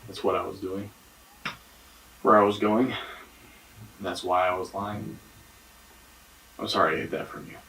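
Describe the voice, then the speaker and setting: A man's voice: fairly low pitch, flat delivery, measured pace, pauses often, fairly bright tone, far from the mic, slight background noise, rough recording. An actor playing a defensive man questioned by police in a mystery game, talking evasively and swearing. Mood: guarded. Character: defensive, guarded young man under police interrogation.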